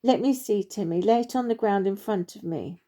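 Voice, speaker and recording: A woman voicing a kindly, wise old male oak tree in a storybook reading, speaking in a gentle, fatherly manner. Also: medium pitch, moderate pace, lightly acted.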